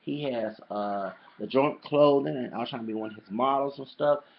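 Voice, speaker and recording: A man's voice: mid-range voice, normal speed, creaky. A man talking casually to camera in a rambling, emphatic monologue, often repeating his phrases. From El Paso, Texas. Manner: rambling, emphatic, repeats "you know what I'm saying". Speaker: vlogger. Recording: dull lo-fi home video audio.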